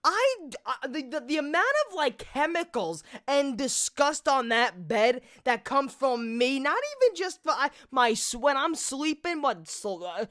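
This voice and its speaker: A man's voice: very high voice, a little slow, hardly any pauses. A nineteen-year-old man in casual chat, swearing freely and rambling with lots of restarts. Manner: profane, animated, rambling with restarts.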